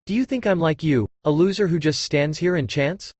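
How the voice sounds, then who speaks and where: A man's voice: on the high side, moderate pace, a little mellow, no room sound, highs cut off, close to an everyday voice. A man voicing a boastful, smug young rich man who talks in a pompous, mocking way, in an audiobook.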